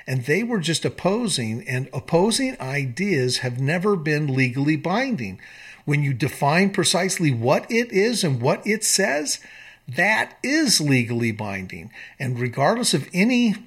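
A man's voice: a little high, fairly bright tone, breathy edge. A man reading historical quotes aloud and commenting on them in an earnest, emphatic way, with slips and restarts. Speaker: commentator on founding documents.

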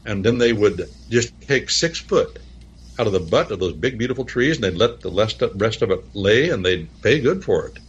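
A man's voice: on the low side, lively intonation, normal speed, dull audio, a little hiss or hum. A man preaching and teaching on scripture in a folksy, rambling way, telling stories and spelling out words letter by letter.

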